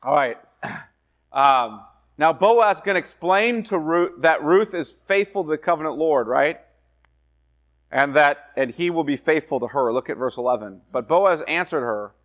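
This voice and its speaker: Male pastor, slightly high voice, conversational Bible teaching, reads verses slowly, explains in plain talk. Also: animated, fairly bright tone. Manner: conversational, checks in with "right?" and "okay?"; reads scripture aloud slowly, then explains it. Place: church.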